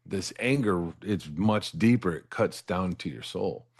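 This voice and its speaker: In a low, husky, unhurried voice, a middle-aged man tells his own life story as an interview guest. Earnest and candid, he often restarts words when beginning a thought and follows his points with "right?"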